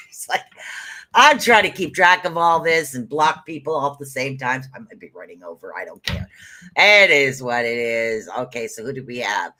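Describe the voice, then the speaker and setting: Man, podcast host, casual live rune reading, chatty, rambling, repeats himself, middle pitch. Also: very animated, moderate pace, pushed and bright. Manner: chatty, rambling, repeats words, calls listeners honey.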